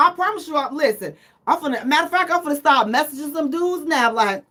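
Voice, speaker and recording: High-pitched woman w/ hosting a live radio talk show, playful and self-mocking, just chatting. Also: lively intonation, quick pace, fairly bright tone. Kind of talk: casual live radio chat.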